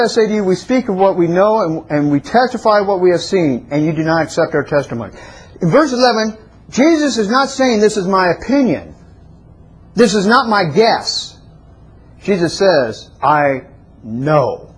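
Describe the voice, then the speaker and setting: A man teaching a Bible class lecture, restarting and correcting himself often, then getting excited and rising sharply in pitch to stress his points. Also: moderate pace, breathy edge, low-quality recording.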